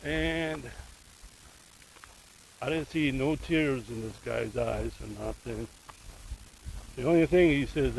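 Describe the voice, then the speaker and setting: A man's voice: mid-range voice, takes it slowly, creaky, pauses often, a little mellow, slight background noise, rough recording. A man casually retelling a true crime case, rambling and emotionally invested, with asides to the viewer. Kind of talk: casual storytelling.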